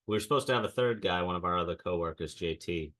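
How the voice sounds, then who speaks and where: Low-voiced guy co-hosting a chat show, forceful bright tone, ranting storyteller who acts out quotes. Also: fast talker. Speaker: podcast co-host. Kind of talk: casual chat.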